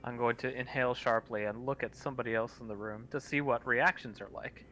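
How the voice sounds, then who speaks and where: A man's voice: medium pitch, fairly even intonation, fairly quick, bright, forceful tone, slight background noise. A man playing a tabletop game, talking bluntly and confrontationally in character. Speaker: player.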